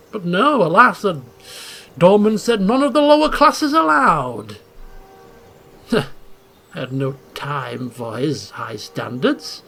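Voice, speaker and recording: A man hosting a let's play, reading game text aloud with theatrical, chuckling commentary and hushed asides. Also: sits high, animated, takes it slowly, gravelly, slight background noise. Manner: theatrical, chuckling, swings between hushed asides and loud exclaims.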